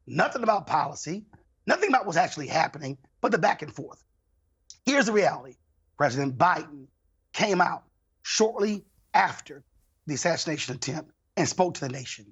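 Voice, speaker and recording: A man's voice: fairly high pitch, a bit bright, breathy edge. A man debating as a panel guest, exasperated and insistent, refusing to be cut off. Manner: exasperated, insistent, talks over others. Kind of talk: heated political debate.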